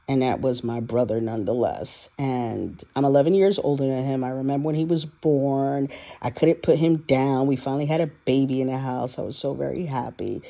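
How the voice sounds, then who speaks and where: Mellow-voiced woman in a raw confessional. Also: extremely low pitch, vocal fry. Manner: candid, rambling, profane, emotional. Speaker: vlogger. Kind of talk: confessional audio diary. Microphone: voice-only recording, no video.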